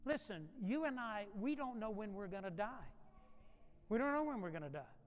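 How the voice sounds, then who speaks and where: A male pastor preaching a sermon in a church sanctuary. He is emphatic and repetitive, and he sometimes drops to a soft, quiet voice. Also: high-pitched, lively intonation, normal speed, long reverb tail.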